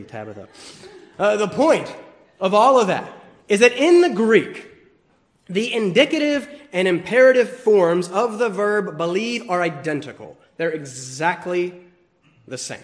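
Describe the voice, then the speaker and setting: A man preaching a sermon, swinging between loud emphasis and hushed asides, teasing the congregation now and then. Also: on the high side. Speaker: pastor.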